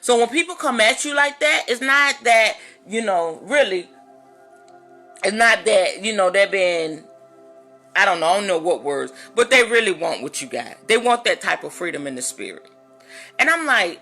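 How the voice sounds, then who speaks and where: A woman minister talking straight to her viewers in a casual, animated, preachy vlog monologue. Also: a little high, moderate pace, faint music behind.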